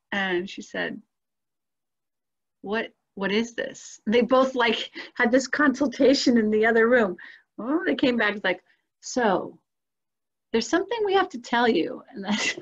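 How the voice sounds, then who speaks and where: A woman telling her own life story in a casual conversation, animated and expressive, acting out the voices she quotes and laughing often. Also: medium pitch. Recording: dull lo-fi sound.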